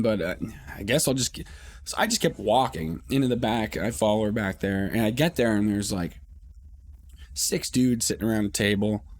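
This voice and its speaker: A man's voice: mid-range voice, darkish tone. A man hosting a podcast, telling a story in a loose, profane, rambling way with many restarts. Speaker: podcast host. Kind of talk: casual storytelling.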